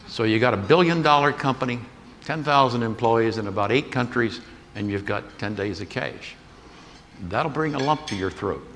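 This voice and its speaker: Older man with a bright voice telling stories in a hall. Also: fairly low pitch, animated, moderate pace. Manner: folksy anecdotal storytelling with quoted dialogue. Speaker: keynote speaker. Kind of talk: storytelling keynote. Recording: echoey hall with faint noise.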